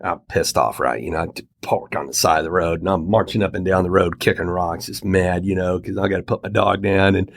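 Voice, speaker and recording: A middle-aged man hosting a podcast, telling a casual story in an animated way and acting out the quoted lines. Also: low voice, fairly quick, gravelly, hardly any pauses. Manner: animated anecdote teller, acts out quoted dialogue. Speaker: podcast host. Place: Colorado home.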